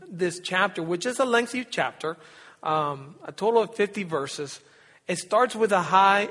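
A man preaching a sermon as pastor, earnest, pausing and swelling for emphasis. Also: high-pitched, a bit bright. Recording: long hall reverb.

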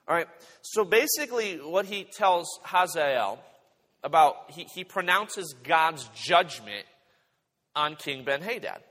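A man preaching a sermon, retelling the passage in animated storytelling and acting out the characters. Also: on the high side, slow. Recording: reverberant hall.

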